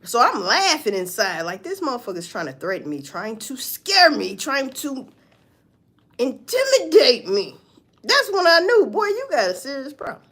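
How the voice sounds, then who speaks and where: A woman's voice: high voice, moderate pace. Woman on a livestream in aave, cussing and gossiping, voice jumping all over the place. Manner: profane, animated gossip with mocking asides. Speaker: livestream host. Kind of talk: casual livestream commentary.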